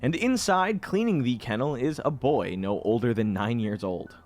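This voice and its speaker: A man narrating as game master in a tabletop game, talking lively with many fillers. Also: medium pitch, normal speed. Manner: lively, laughing, full of fillers.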